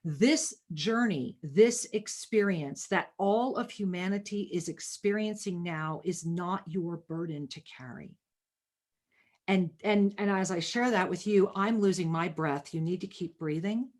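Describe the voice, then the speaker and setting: A woman's voice: lowish voice, unhurried. A woman hosting a spiritual talk show, giving a caller a reading and calling her honey and sweetheart. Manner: warm, affectionate, calls caller honey. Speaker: host and spiritual reader.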